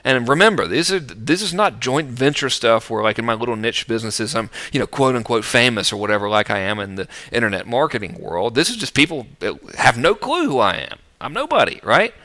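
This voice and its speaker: A man's voice: mid-range voice, pushed and bright. A middle-aged man teaching list building in a casual, jokey, self-mocking video talk.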